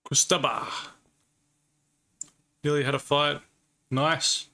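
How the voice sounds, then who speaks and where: A man's voice: fairly high pitch, steady tone, slow, pushed and bright. A man streaming a card game live, chatting casually with viewers and swearing now and then. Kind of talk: live-stream gaming commentary.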